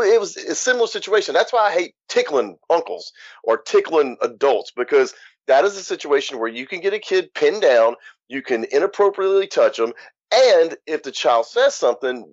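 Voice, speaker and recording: A man from Louisiana, an author appearing as an interview guest, tells his story bluntly and frankly in a candid interview. His voice is medium-pitched, and the recording is dull, lo-fi, and dry with no echo.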